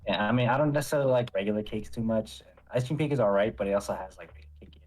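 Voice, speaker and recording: Husky, laid-back man. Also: on the low side, rapid-fire, darkish tone, soft background music. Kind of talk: casual chat.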